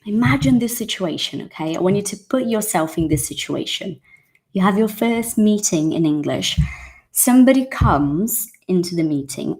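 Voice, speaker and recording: A woman's voice: medium pitch, darkish tone. A woman teaching an English lesson to her viewers in a casual, emphatic way, repeating key points and addressing them directly.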